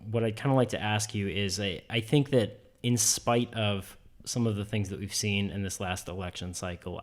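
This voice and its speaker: A man hosting a panel discussion, asking questions hesitantly with many ums and hedges. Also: lowish voice. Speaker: host.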